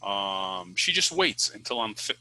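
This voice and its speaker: A man's voice: fairly low pitch, big pitch swings, measured pace, sharp tone, poor audio. A man who teaches English, giving casual advice to the camera in a chatty way, with many fillers and restarts.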